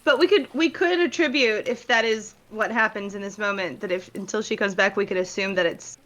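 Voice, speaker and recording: A woman's voice: medium pitch, brisk, a bit bright. A woman playing a tabletop game over an online call, thinking aloud in a hesitant way. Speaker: player. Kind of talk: casual tabletop play.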